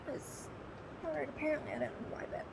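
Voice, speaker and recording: Woman doing her makeup on the bed, high voice with some vocal fry, keeps hushing her dog, phone recording. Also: huge pitch swings, brisk, heavy background noise. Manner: chatty, with quiet soothing asides to a dog. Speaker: makeup vlogger. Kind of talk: casual makeup tutorial chat. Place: indoors at home, sitting on a bed.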